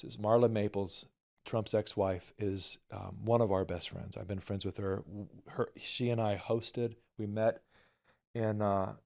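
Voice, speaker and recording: A man talking candidly as a guest filmmaker, telling a personal story and quoting friends in softer voices. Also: on the low side, vocal fry. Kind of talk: storytelling conversation.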